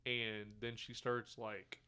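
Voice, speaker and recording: A man's voice: mid-range voice, level tone, takes it slowly, pushed and bright, smooth. A man co-hosting a podcast, casually retelling movie scenes and acting out the characters' lines with some swearing. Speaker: podcast co-host. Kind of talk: casual movie review chat.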